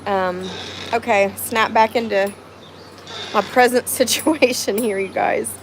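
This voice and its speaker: This middle-aged woman from the US South talks slowly in a mid-range, fairly even voice while hosting a laid-back livestream outside her home. She rambles with emotion and greets viewers by name. The rough recording carries a little hiss or hum.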